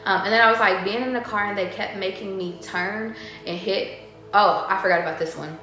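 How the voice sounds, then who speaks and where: A woman's voice: medium pitch, fairly even intonation, a little fast, sharp tone. A woman tarot reader chatting casually, rambling between stories, swearing freely and laughing often. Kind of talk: casual chat. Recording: very echoey room, faint music behind.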